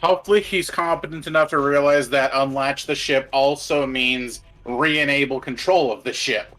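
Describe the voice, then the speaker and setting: Wry, bright-voiced man at the game table. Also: medium pitch, steady tone, normal speed, faint music behind. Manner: wry, self-deprecating. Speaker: player.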